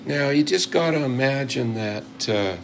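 A man's voice: mid-range voice, expressive, creaky, a little hiss or hum, pitched above the performer's own voice. A man doing a drawling old steel guitar teacher, American accent. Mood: folksy. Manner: slow, folksy drawl.

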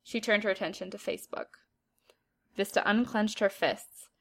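A woman narrating a story aloud in an even, steady storytelling manner. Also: medium pitch, moderate pace, gravelly.

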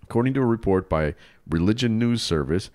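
A man co-hosting a casual podcast, telling stories and joking with animated outbursts. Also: on the low side, brisk, no echo, studio quality. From Chicago area, Illinois. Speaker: co-host.

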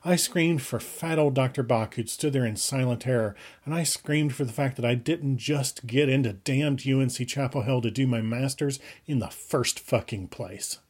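A man reading first-person fiction aloud with brisk, urgent delivery that speeds up and slows down. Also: medium pitch, a little mellow, slightly rough. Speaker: audiobook reader.

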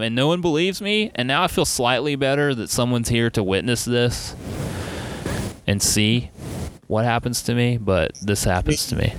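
Animated swearing man telling a story. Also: medium pitch, moderate pace, slight background noise. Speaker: podcast co-host. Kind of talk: casual storytelling chat.

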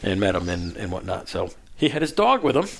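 A man's voice: deep voice, big pitch swings, fairly quick, vocal fry, a bit bright, a little hiss or hum. A man hosting a casual podcast chat with friends, telling stories and laughing often. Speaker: podcast host.

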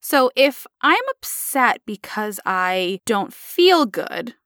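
A woman's voice: a little high, very animated, takes it slowly, a bit bright, dry recording, studio quality. A woman co-hosting a podcast, explaining research in a sarcastic, incredulous way. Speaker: podcast co-host. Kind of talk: casual podcast chat.

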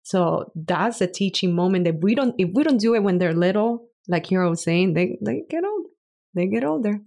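A woman's voice: medium pitch, animated, moderate pace, vocal fry, a little mellow. A woman in her thirties, a mother co-hosting a faith and parenting chat, telling stories from home. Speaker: podcast co-host. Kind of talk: casual chat, storytelling.

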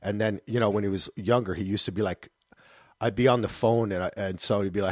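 A man in his thirties hosting a podcast, chatting casually and loosely, with animated asides. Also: on the low side, fast talker, dry recording, clean studio sound. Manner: loose, rambling, breaks into animated voices for anecdotes. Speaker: podcast host.

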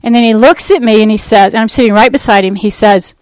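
A woman from the United States telling her life testimony, acting out the dialogue in lively fashion. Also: fairly high pitch, fast, no room sound, poor audio. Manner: animated storyteller acting out dialogue. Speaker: ministry founder giving testimony. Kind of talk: personal testimony talk.

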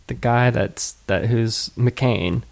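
A woman's voice: a bass voice, slow, gravelly, slight background noise. A woman co-hosting a podcast, ranting in profane political banter and laughing often. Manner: animated, swearing, laughing often.

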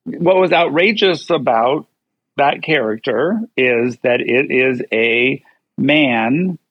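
A man who performs in drag, a guest chatting in an animated, theatrical way. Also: medium pitch, slow pace, dry recording, lo-fi sound. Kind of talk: casual interview chat.

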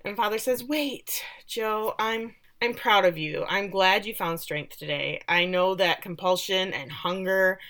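Bright-voiced woman recapping animatedly. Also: fairly low pitch, moderate pace, hardly any pauses. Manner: animated storytelling, acts out quotes with laughs. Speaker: podcast co-host recapping a show. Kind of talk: casual chat, animated recap.

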